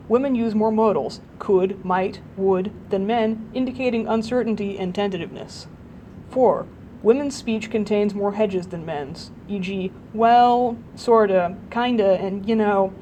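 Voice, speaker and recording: Woman narrator for a nonfiction audiobook, mid-pitched, measured delivery, faint low rumble behind. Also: a little mellow, rough recording. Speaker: audiobook reader.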